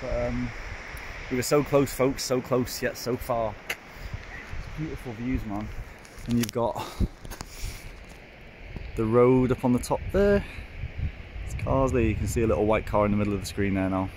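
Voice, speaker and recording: A man's voice: medium pitch, normal speed, darkish tone, a little hiss or hum, poor audio. A man with a Welsh accent chatting casually to the camera of the phone he holds while out hiking on a hilltop, addressing his viewers as folks. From Wales. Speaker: hiking vlogger. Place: outdoors on a hilltop. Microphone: phone held while filming.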